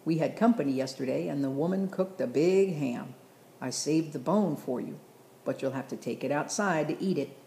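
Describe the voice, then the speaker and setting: A woman reading the part of a fond, teasing old grandfather in a storybook, her low mellow voice in a roomy room. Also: moderate pace, a little hiss or hum. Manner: gently teasing, chuckling.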